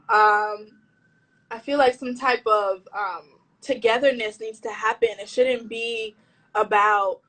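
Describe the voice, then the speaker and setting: A woman's voice: on the high side, a bit bright, slight background noise, rough recording. A woman stylist chatting casually in an interview over a video call, slangy and full of restarts. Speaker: fashion stylist.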